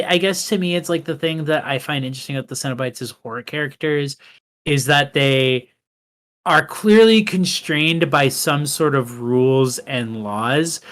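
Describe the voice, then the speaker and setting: A man's voice: fairly high pitch, a bit bright. A man co-hosting a film podcast, talking casually and rambling, with many fillers and restarts.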